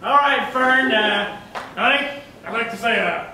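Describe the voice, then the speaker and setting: Improv: man as a rambling farmer dad, high voice, distant and echoey with loud noise behind. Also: unhurried. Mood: folksy. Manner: hesitant, rambling, folksy. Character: bumbling farmer dad, folksy and gruff. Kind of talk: live improv comedy. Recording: echoey room, far mic, loud noise.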